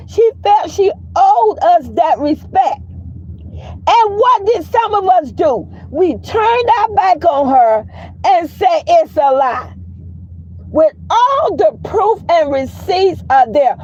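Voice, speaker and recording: A woman hosting a casual commentary chat, telling stories in a blunt, profane, animated way. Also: extremely high pitch, dull audio. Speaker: commentary livestream host.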